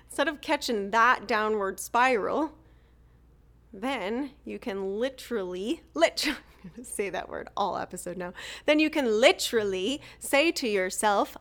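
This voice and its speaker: A woman's voice: a little high, lively intonation, takes it slowly, fairly bright tone. A woman hosting a motivational solo podcast, talking casually, laughing easily and swearing now and then. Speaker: podcast host.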